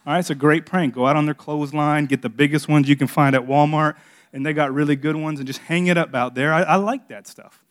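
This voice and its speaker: A middle-aged man preaches a sermon and works a personal story into it. He speaks in a slightly high voice. He teases and confesses in turn, like a pastor having fun with his congregation. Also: steady tone, quick pace.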